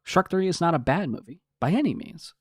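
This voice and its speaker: Animated joking man. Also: fairly high pitch, brisk, slightly rough, no room sound, studio quality. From New York. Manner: animated, joking, swears freely. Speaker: podcast co-host. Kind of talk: casual chat.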